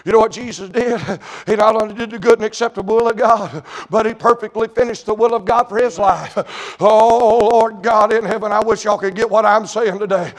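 A middle-aged man preaching a fiery church sermon, swinging between quiet storytelling and shouted, chanting climaxes. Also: high voice, steady tone, fairly quick. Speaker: evangelist preacher.

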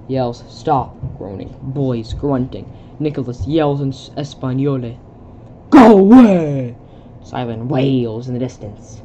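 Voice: medium pitch, mellow, dull audio, slight background noise. A young adult casually reading a film script aloud, stumbling over words and stopping to comment in confusion. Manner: reads stage directions aloud, stumbles, breaks off to comment in bewilderment. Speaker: video creator.

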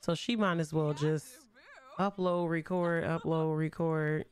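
A woman's voice: low-pitched, fairly even intonation, measured pace, a little mellow. A young woman streaming a life-simulation game, chatting in slang and talking to her characters as she plays. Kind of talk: casual game commentary.

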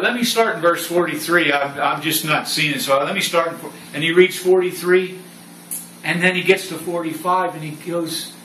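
A man leading a Bible study group, reading scripture aloud and telling stories in an animated way. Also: fairly high pitch. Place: room with a small study group. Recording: roomy sound from a distant mic with faint noise.

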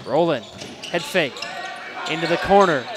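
A man calling a college basketball game play by play, with quick calls and stat rundowns. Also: on the high side, lively intonation, noisy background. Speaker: play-by-play announcer.

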